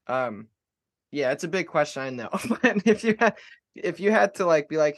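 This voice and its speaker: A man hosting a podcast interview in casual conversation, rambling and halting with many fillers and restarts. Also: on the high side, expressive. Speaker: podcast host.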